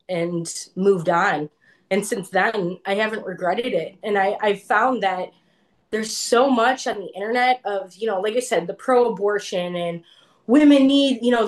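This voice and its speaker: Chatty woman telling a personal story. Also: medium pitch. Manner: chatty, full of "like", acts out what others said. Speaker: interview guest.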